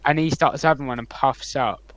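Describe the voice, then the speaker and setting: A young man co-hosting a podcast, rambling through anecdotes with many ums and likes and swinging between loud and quiet. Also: medium pitch, normal speed, poor audio. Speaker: podcast co-host. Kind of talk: casual storytelling chat.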